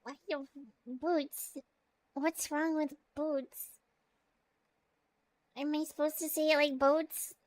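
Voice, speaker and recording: A woman's voice: high-pitched, level tone, slow pace, long pauses, dry recording. A Canadian woman with a Canadian accent, chatting casually and playfully with her viewers on a live stream. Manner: playful and rambling, chats to viewers.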